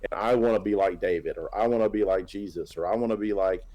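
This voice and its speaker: Enthusiastic man with a lowish voice. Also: fast talker, warm tone, low-quality recording. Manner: enthusiastic, tags points with "right?". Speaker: comic creator guest. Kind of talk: casual interview chat.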